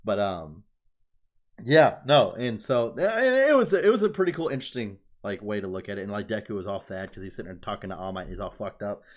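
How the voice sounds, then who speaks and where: A man co-hosting a podcast in casual chat, excited, swearing freely and filling his talk with "like". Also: lowish voice, fast talker. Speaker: podcast co-host.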